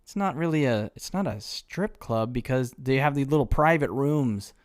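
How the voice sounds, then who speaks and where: A man co-hosting a casual podcast, talking about a film in an easygoing, relaxed way. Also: mid-range voice, normal speed. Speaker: podcast co-host. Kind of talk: casual chat.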